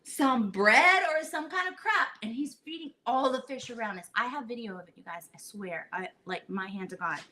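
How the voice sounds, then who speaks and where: A woman's voice: fairly high pitch, expressive, normal speed, few pauses, pushed and bright. A woman hosting a home cooking show, chatting animatedly as she tells a story in her kitchen.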